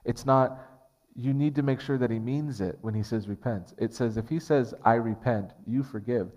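Long reverb from the church hall surrounds a pastor giving a sermon in the sanctuary. His mid-range voice is darkish and moves at normal speed, and he speaks earnestly and conversationally, frequently restarting phrases.

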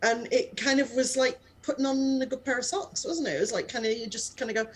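A woman with a somewhat high voice talks casually over a video call. She laughs often and keeps restarting her sentences as she talks. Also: fairly even intonation, quick pace, hardly any pauses, rough recording. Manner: chatty, laughing, lots of fillers and restarts. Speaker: actor in the radio play.

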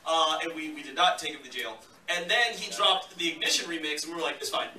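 A man in his thirties doing a stand-up set on a club stage, loud and swaggering, laughing through his jokes. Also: a little high, fast talker. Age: 30s. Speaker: stand-up comedian. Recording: echoey room, far-off mic, loud noise.

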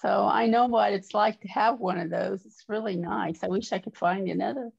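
A woman sharing in a Bible study group, earnest and encouraging, pausing often with fillers. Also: medium pitch, creaky, a little mellow, breathy edge, lo-fi sound.

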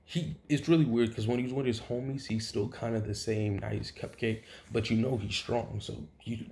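Gravelly man rambling through a story. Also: medium pitch, normal speed, hardly any pauses. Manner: rambling, with many fillers and restarts; grows loud and excited at dramatic moments. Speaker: fan-theory storyteller. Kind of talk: casual improvised retelling.

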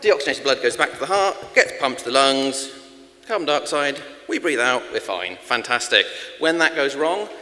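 A man giving a quick, jokey lightning talk on first aid at a conference, with dry asides. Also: mid-range voice, big pitch swings, pushed and bright. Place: large conference hall. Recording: long reverb of a conference hall.

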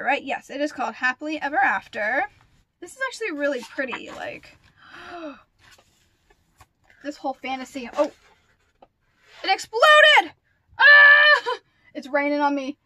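A young woman vlogger chatting casually through an unboxing, gushing and excitable with lots of gasps and fillers. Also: sits high.

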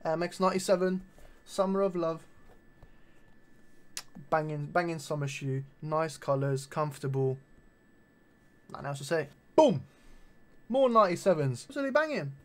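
A man's voice: on the high side, normal speed, long pauses. A young man chatting casually in a vlog, full of slang and swearing as he shows off his shoes. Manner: animated slangy banter with frequent swearing. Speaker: vlogger. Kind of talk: casual chat showing his shoe collection.

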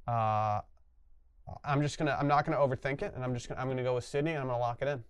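A man talks his way through a quiz question, rambling as he reasons out loud. His pitch sits in the middle and the recording is dry and close. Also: steady tone, rapid-fire, smooth, no echo. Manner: rambling, thinking aloud. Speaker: quiz contestant. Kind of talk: casual chat.

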